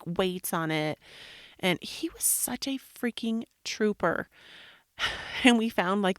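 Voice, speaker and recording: A woman's voice: on the low side, dry recording, clean studio sound. A woman in her thirties, a podcast host telling a story in a chatty, rambling way full of "like" fillers. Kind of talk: casual storytelling monologue.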